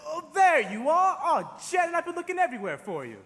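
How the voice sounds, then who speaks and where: A man's voice: extremely high pitch, wildly swooping pitch, a little fast, a bit bright, heavily acted. A young man playing an earnest, lovestruck groom who pleads sincerely. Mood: pleading. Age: teens. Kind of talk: stage musical acting. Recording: reverberant auditorium stage with music.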